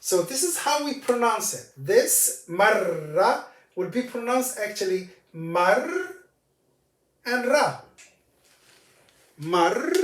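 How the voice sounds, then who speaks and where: A man teaching Arabic letters and vowel marks, speaking slowly and patiently and repeating each word for the learner. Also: high voice, a bit bright, roomy sound. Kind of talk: language lesson.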